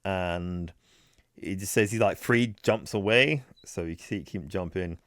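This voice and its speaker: A man casually retelling a comic book plot as a podcast co-host, rambling and slipping quickly into characters' lines. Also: deep voice, a bit bright, no echo.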